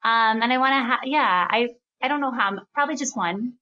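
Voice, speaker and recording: A woman's voice: a little high, lo-fi sound. A woman in her thirties co-hosting a podcast in casual chat, talking freely with lots of fillers and laughing easily. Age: 30s. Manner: chatty, filler-heavy, quick to laugh. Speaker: podcast co-host.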